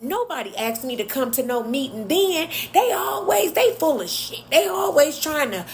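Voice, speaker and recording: A man's voice: very high-pitched, very animated, normal speed, gravelly, a little hiss or hum, pitched above the performer's own voice, full character voice. A woman voicing a hot-tempered male union steward who rants angrily and swears. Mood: heated. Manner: angry, profane ranting.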